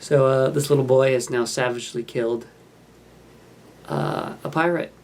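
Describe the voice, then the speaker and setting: A gravelly, rambling film commentator. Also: mid-range voice, normal speed, darkish tone. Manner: rambling, self-mocking, offhand. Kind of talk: casual running commentary over a film.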